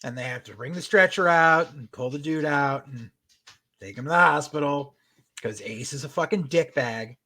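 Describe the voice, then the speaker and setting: A man co-hosting a podcast, recapping a show in a profane, animated rant. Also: on the high side, moderate pace. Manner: profane, animated retelling with acted-out quotes. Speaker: podcast co-host.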